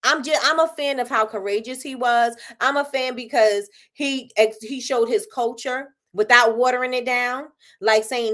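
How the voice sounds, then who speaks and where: A middle-aged woman hosting a casual motivational live stream from her soap business. She talks with lively energy, repeats her points and often laughs. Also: fairly high pitch, moderate pace, few pauses. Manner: energetic, repetitive, preachy, laughs a lot. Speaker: live show host, soap business owner.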